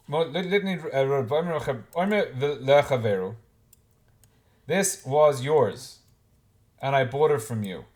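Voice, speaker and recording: A man's voice: mid-range voice, animated, slow pace, long pauses, a little mellow. A man giving an informal Talmud class, thinking aloud with frequent restarts and working Hebrew and Aramaic terms into his explanations. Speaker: Talmud teacher.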